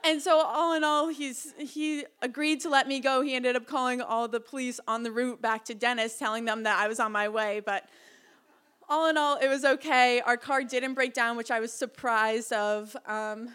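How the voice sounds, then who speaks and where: A young woman with a fairly high voice recounts a personal story on stage in a small hall. She rushes along in an animated, breathless way, full of likes and ums, speaking to a live audience. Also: clean tone. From Massachusetts, Cape Cod. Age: young adult. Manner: breathless, animated telling with frequent fillers.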